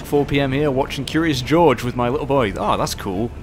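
A man doing casual live commentary while playing, excitable, swearing often and chatting with his viewers. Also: mid-range voice, a little fast, background noise. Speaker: game streamer.

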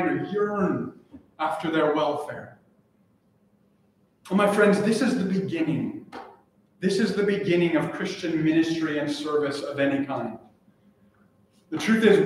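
A man's voice: a little high, a little hiss or hum. A man preaching an earnest, emphatic sermon as pastor, repeating his key phrases. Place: church sanctuary. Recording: echoey church from a distant mic.

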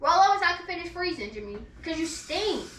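Young woman vlogger, very high, lively voice, exasperated scolding, echoey bedroom from a distance. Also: fast. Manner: scolding, repeats herself, loud and exasperated. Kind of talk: casual prank vlog banter. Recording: echoey room, mic at a distance.

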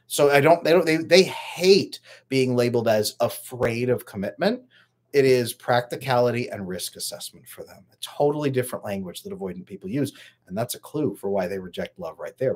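A man's voice: medium pitch, slightly rough. A man coaching on relationships in a live stream, talking casually and greeting viewers from the chat by name.

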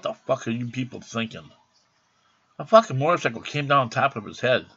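Gravelly, rambling man telling a story. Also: medium pitch, expressive, a little fast, a bit bright. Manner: rambling, profane, indignant. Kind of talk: casual personal story. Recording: dull lo-fi recording.

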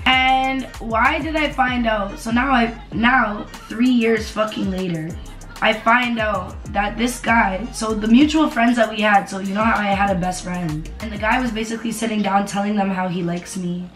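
A woman telling a casual storytime on camera, animated and profane, repeating herself for emphasis. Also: medium pitch, normal speed. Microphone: camera mic. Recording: roomy echo, faint music behind.

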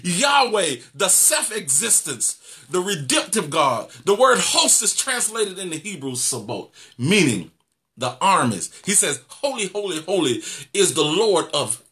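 A man pastor preaching an animated sermon, repeating phrases and laughing as he goes. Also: high voice, unhurried.

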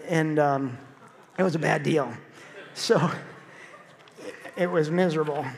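A middle-aged man preaching in a church sanctuary, his voice sitting high for a man. He tells a story in a lively, animated way, acting out the quotes. A long reverb trails after every phrase. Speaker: pastor. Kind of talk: sermon.

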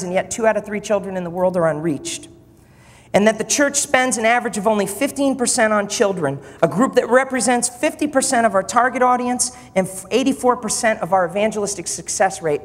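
A man preaching a sermon to church leaders, emphatic and repeating phrases for effect. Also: high voice. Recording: long hall reverb.

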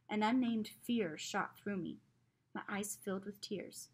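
A woman's voice: medium pitch, moderate pace, vocal fry, breathy edge. A woman reading a novel aloud as a teacher, telling it expressively. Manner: expressive storytelling.

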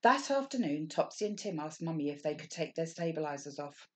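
A woman teacher reading a picture book aloud to children, expressive and asking the listeners questions. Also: sits low, fairly quick.

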